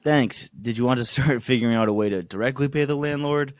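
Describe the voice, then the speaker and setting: A man co-hosting a comedy podcast, swearing and laughing as he acts out text messages with loud outbursts. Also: mid-range voice, a little fast, no room sound. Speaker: podcast co-host. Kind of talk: comedic casual chat, reading posts aloud.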